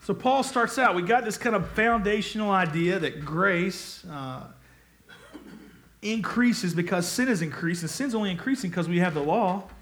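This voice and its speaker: Conversational preaching man, fairly high voice. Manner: conversational preaching with emphatic rises. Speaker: pastor. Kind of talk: sermon.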